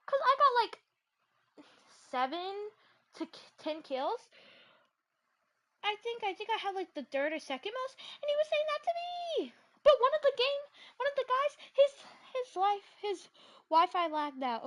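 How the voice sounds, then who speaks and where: A woman's voice: very high-pitched, animated, normal speed. A woman vlogger ranting casually and animatedly, packing her talk with "like" fillers and exasperated asides.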